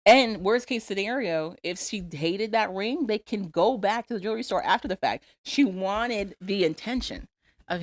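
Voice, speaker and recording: A woman's voice: mid-range voice, animated, normal speed, dry recording, clean studio sound. A woman co-hosting a podcast, recapping reality TV in casual, opinionated and sarcastic chat. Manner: opinionated, sarcastic, laughs often. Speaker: podcast co-host.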